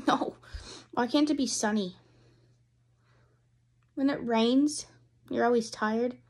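A young woman vlogging casually from indoors at home, chatty and rambling, a little hoarse as if losing her voice. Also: fairly high pitch, slow pace, darkish tone. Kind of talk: casual taste-test vlog.

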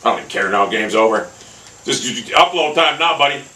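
Male gamer, hot-tempered, bright edgy tone, swears and shouts at the game nonstop. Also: medium pitch, expressive, brisk, rough recording. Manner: furious, swearing constantly, yelling at the game. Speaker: gaming commentator. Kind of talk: raging gameplay commentary.

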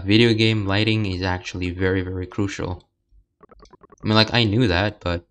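Young guy doing a let's play, kinda low voice, rambly, lots of uhs. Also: a bit bright, clear, resonant tone. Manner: rambling, hesitant, many filler words. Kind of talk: casual gameplay commentary.

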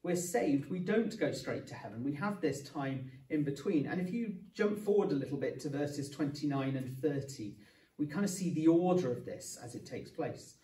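A man preaching, earnest and explaining each point, with a dash of dry humour. His voice is mellow and sits somewhat high, caught from a distance. The sound rings around an echoey church hall. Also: animated, moderate pace. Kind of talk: sermon.

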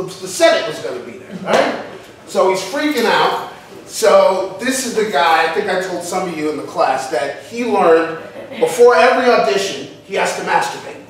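A man with a high-sitting voice, an acting teacher, casually tells his class a profane story and acts out his friends' voices. The recording is echoey and far from the mic, with slight background noise.

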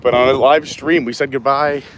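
A man strolls outdoors in a theme park while livestreaming, reading comments from viewers, laughing often and keeping the chat casual. He speaks at a moderate pace in a mid-range, slightly bright voice with fairly even intonation, and the low-quality recording has a little hiss or hum.

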